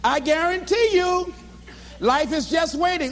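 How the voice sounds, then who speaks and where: A fervent motivational speaker pitched very high, his voice swooping up and down with a preacher's cadence and frequent shouts. He speaks in a large auditorium that rings with a long reverb over a faint hum. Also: very animated, normal speed. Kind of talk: live motivational speech.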